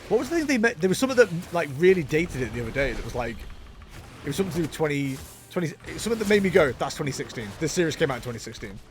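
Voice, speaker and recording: A man's voice: a little high, sing-song, racing, faint music behind. A young man giving casual, jokey gameplay commentary as a streamer, chatting with his viewers. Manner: jokey, self-mocking, chatty with chat. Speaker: game streamer.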